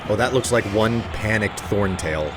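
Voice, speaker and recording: A man's voice: fairly low pitch, normal speed. A man casually commenting on his gameplay in a rambling, hesitant, wry way. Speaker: let's play host. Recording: game music in background.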